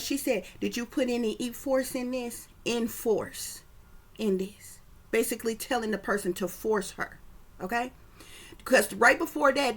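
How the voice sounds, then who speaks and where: Woman psychic reader, slightly high-pitched, emphatic and profane, loose conversational delivery. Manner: emphatic, profane, keeps checking in with listeners. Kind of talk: casual psychic reading commentary.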